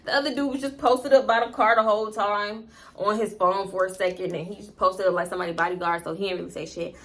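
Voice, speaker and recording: A young woman telling a story casually, animated, profane and laughing between asides. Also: medium pitch, fast talker. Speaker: storytime vlogger.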